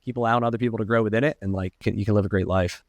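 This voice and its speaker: A man's voice: on the low side, steady tone, racing, no echo, clean studio sound. A man hosting a casual interview, talking loosely and rambling, full of "you know" and "like". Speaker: podcast host.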